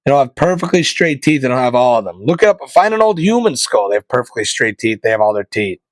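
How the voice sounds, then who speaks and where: A male podcast host rants in a comedic monologue, hammering his points home with loud bursts and then dropping to low, muttered asides. His voice sits at an ordinary middle pitch and sounds close and dry, with no room echo at all. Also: big pitch swings, brisk. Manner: opinionated, emphatic, jumps between loud punchlines and low mutters.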